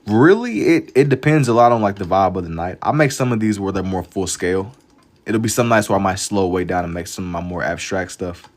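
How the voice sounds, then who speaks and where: A laid-back young man talks loosely with his live-stream chat as he draws, dropping slang between thoughts. His voice sits a little low. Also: expressive, a little fast. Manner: laid-back slang-heavy banter, reads chat aloud. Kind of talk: casual live-stream chat while drawing.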